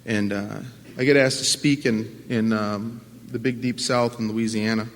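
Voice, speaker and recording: A man giving a personal recovery talk to an audience at a convention, earnest and halting with many restarts, swinging from quiet to impassioned. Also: fairly low pitch, fairly even intonation. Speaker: AA speaker. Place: large conference hall at a convention. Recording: long hall reverb from a live talk.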